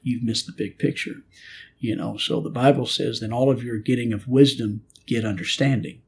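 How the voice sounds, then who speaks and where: This middle-aged man, a pastor, has a creaky, medium-pitched voice with fairly even intonation and a moderate pace, and there's slight background noise. Storytelling in a spiritual conversation, he preaches earnestly and performs his own prayers alongside God's answers.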